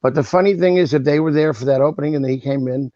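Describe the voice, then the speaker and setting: A man in his sixties, a guest on an interview show, telling lively anecdotes and acting out the voices of the people in them. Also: on the high side, fast, no room sound, lo-fi sound. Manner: animated, acts out voices in his stories. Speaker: guest, original cast member. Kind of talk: anecdotal storytelling.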